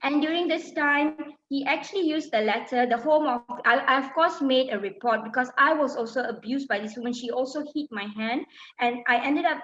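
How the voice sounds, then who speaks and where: A middle-aged woman from Malaysia recounts her personal story in an emotional talk, hesitating often with ums and restarts. Her voice sits high, and the recording sounds dull and lo-fi. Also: a little fast, fairly bright tone. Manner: emotional, many fillers and restarts. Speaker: speaker.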